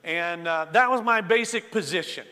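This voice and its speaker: A man's voice: high-pitched, moderate pace, bright, forceful tone, in a large hall. A middle-aged male pastor preaching a sermon in a church sanctuary, telling stories in a folksy way with many fillers and restarts.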